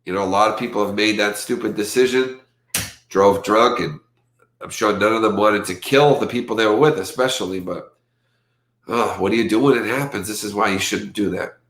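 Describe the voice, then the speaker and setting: A man hosting a casual livestream, rambling and lively when he quotes others, with his allergies acting up. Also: fairly low pitch, normal speed, reverberant. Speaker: livestream host.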